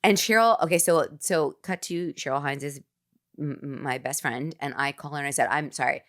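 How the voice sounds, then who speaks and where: A woman, an actress, telling a lively anecdote as a podcast guest in a casual chat. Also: low voice, moderate pace. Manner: animated, nervous-laughing anecdotes with fillers.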